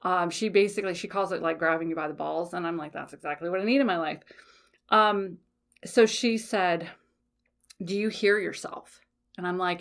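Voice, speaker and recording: A woman's voice: mid-range voice, normal speed, a bit bright. A woman hosting a solo podcast, talking frankly and casually, swearing freely and often checking in with "okay?". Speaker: podcast host.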